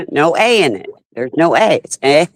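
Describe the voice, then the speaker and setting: A woman's voice: low voice, sing-song, slow, no room sound, rough recording. A woman hosting a casual group chat, teasing her guests and laughing often. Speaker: host of an open chat panel.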